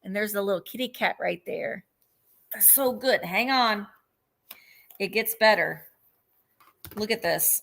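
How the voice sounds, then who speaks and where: A woman's voice: medium pitch, a little slow, gravelly, long pauses, a bit bright. A woman hosting a live vintage sale, chatting casually, laughing easily and describing each item in detail. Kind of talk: casual live-stream selling.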